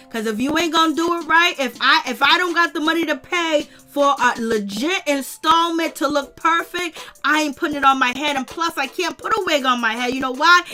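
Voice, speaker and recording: A woman hosting a casual recap show, chatty and animated, often laughing and talking straight to her viewers. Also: sits high. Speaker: host of a reality-show recap channel. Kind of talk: casual commentary.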